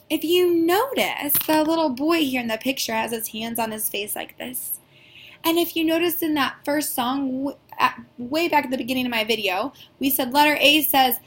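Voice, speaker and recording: Bright, sing-song kindergarten teacher woman. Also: fairly high pitch. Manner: slow, sing-song teacher talk with drawn-out sounds and call-and-response prompts. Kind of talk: recorded classroom phonics lesson.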